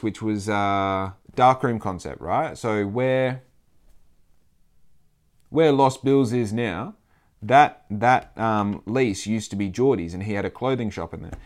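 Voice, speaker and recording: A man with an Australian accent talking casually in a rambling monologue, swearing freely and acting out the people he quotes. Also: mid-range voice.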